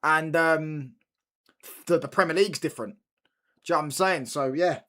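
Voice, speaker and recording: Speaking at a normal speed in a slightly high, somewhat bright voice, the young streamer keeps up casual football watchalong chat. He repeats lines and bounces slangy banter off his viewers.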